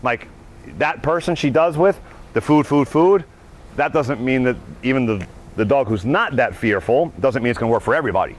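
A man instructing on dog behavior, with a voice that swings widely in pitch. He talks outdoors, and faint background noise sits under him. He keeps checking in with his listeners. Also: fairly quick. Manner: animated, acts out dogs' thoughts, keeps asking "right?". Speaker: dog trainer. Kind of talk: teaching a class.

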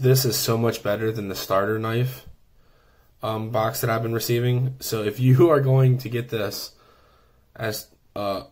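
A man giving an enthusiastic, rambling review while unboxing a subscription knife, with many fillers and restarts. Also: on the low side.

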